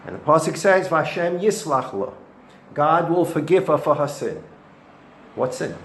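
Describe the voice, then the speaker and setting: A man's voice: a little high, very animated, unhurried. A man, a rabbi, gives a weekly Torah lesson, telling the stories with animation and dropping Hebrew and Yiddish terms. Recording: echoey room with faint noise.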